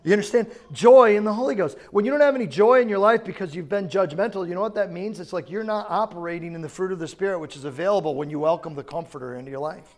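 Man preaching, high-pitched voice, talks like a conversation, keeps asking the crowd questions. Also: very fast, few pauses. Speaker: pastor. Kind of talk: sermon.

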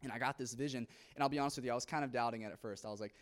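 Young man, church testimony, rapid delivery, earnest, lots of ums, mid-pitched voice. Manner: rapid, earnest storytelling with many fillers. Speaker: church youth member giving testimony.

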